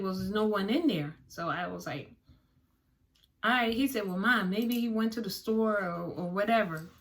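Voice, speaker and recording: A woman vlogger tells her viewers a story with features, making it dramatic and animated and acting out the dialogue. Her voice is a little high.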